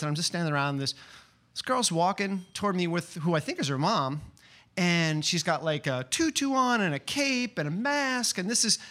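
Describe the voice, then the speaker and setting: With a voice pitched somewhat high, a man excitedly recounts something from his own life at an open mic, constantly restarting and leaning on fillers as he chats his way through it.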